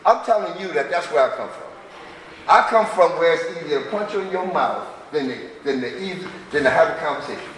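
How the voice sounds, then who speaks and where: At a twelve-step recovery meeting in a large hall, a middle-aged man shares raw, profane stories from his past in the manner of a street-talking storyteller. His voice is a little high, animated, fairly quick and fairly bright. The distant mic picks up an echoey hall and slight background noise.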